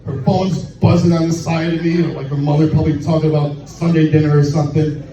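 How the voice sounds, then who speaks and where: A man doing crude stand-up at a bar open mic, telling a raunchy story in a deadpan way. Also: on the high side, a little fast, a crowd in the background. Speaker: stand-up comedian. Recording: echoey, distant, muffled room recording with noise.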